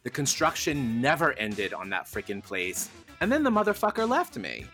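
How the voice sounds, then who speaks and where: A man, a podcast guest, telling a candid personal story in a frank, animated way and swearing casually. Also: medium pitch, moderate pace, hardly any pauses, soft background music.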